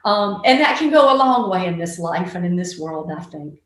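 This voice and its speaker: A woman, a guest telling stories in a casual interview, animated and full of ums. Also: lowish voice, normal speed, heavy reverb. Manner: animated storyteller with many ums. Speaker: guest, author and actor.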